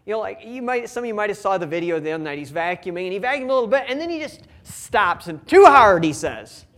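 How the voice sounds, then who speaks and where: A young man and father giving a conversational, humorous sermon and reading scripture slowly. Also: high voice, lively intonation, fairly bright tone. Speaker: pastor.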